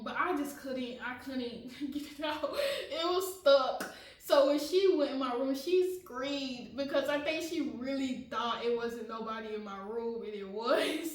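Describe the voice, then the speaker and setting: A woman's voice: high voice, roomy sound, far from the mic, rough recording. A woman vlogger telling a personal story in a casual, dramatic way, often laughing and talking straight to her viewers.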